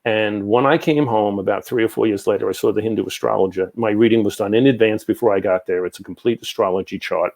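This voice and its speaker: A man's voice: lowish voice, quick pace, vocal fry, few pauses. A man, telling long rambling stories as an interview guest. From New York. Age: 60s. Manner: rambling, animated anecdotes with many asides. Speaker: guest, psychic medium. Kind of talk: casual storytelling in an interview.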